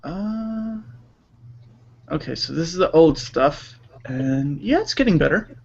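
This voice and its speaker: A man with a high-pitched voice hosts a relaxed live stream and reads viewer comments aloud in an easygoing way. The audio is dull and lo-fi. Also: takes it slowly, gravelly. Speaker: streamer host reading chat questions. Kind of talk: casual live-stream chat about drawing. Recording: lo-fi voice-chat audio.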